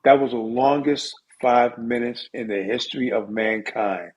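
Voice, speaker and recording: Animated middle-aged man telling stories. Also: mid-range voice, unhurried. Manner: animated storyteller with lively asides. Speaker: music industry guest. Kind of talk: casual storytelling interview. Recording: dull lo-fi audio.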